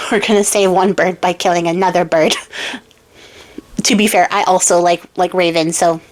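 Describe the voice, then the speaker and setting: A young woman retells a fairy tale in a loose, chatty way, full of slang and asides. Her voice sits at a typical middle pitch for a woman. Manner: chatty, slangy, laughs often. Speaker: YouTube storyteller.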